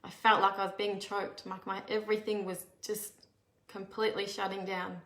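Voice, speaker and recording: Recorded in an echoey room, a woman speaks at a moderate pace with a flat delivery and a mid-range, somewhat bright voice. Her personal story comes across as earnest and candid, with frequent restarts.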